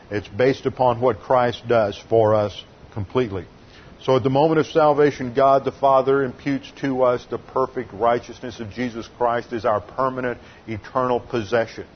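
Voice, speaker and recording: A man's voice: mid-range voice, steady tone, normal speed, highs cut off, a little hiss or hum. A man preaching an expository sermon, explaining Bible verses and Greek grammar in a methodical, teaching manner. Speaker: pastor teaching a Bible study.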